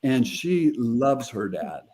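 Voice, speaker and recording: A middle-aged man tells a story in an earnest, emotional way and acts out the dialogue. His voice is mellow and dark, at an ordinary pitch for a man. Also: slow pace. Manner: earnest, emotional, animated retelling with quoted dialogue. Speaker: guest. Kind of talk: heartfelt storytelling interview.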